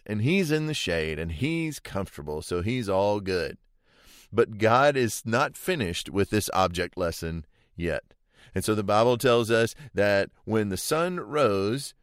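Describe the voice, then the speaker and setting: Animated male preacher, low dry voice. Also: no room sound. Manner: animated preaching, acting out Bible quotes. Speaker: pastor. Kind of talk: sermon.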